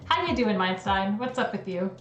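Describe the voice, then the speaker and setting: A woman's voice: medium pitch, expressive, a little slow, echoey room, slight background noise. A woman hosting a casual livestream, chatty and giggly as she reacts to what she reads. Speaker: livestream host. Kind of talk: casual livestream chat reading conspiracy theories.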